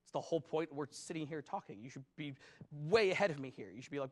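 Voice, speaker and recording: A male pastor with a high-pitched voice delivers a loose, conversational sermon. He rambles casually, leaning on filler words as he works through his points. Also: expressive, a little fast, a bit bright.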